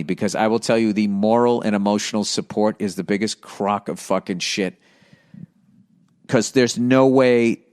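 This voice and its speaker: A middle-aged man hosting a podcast, reading listener mail and riffing on it in a profane, sarcastic rant. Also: on the low side. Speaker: comedian podcast host.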